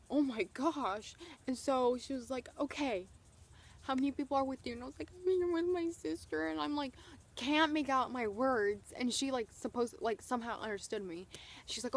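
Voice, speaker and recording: A young woman telling an excited story to camera, gushing and peppering her talk with "like". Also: fairly high pitch. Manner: breathless, gushing, heavy use of "like". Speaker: vlogger.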